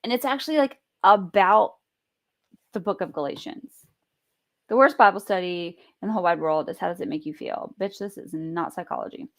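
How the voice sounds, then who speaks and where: A woman vlogging at home, telling a story in an animated, chatty way and swearing freely. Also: on the low side, fairly quick, vocal fry. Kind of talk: casual storytelling vlog.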